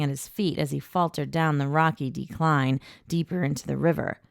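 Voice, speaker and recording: Low, gravelly woman narrating an audiobook. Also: moderate pace, hardly any pauses, no room sound, clean studio sound. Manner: even, intimate storytelling. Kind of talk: first-person audiobook narration.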